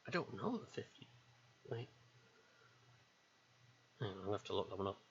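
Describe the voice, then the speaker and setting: Low-voiced man rambling on a lo-fi mic. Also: big pitch swings, brisk. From United Kingdom. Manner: rambling, hesitant, many ums. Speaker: streamer. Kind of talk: casual rambling chat while drawing. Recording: dull lo-fi stream mic with faint hiss.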